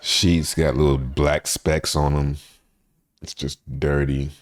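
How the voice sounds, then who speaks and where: A man with a very low voice tells a story in a relaxed, rambling way. He swears freely and laughs his way through the funny parts. It is a casual podcast monologue. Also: slow pace. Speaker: podcast host.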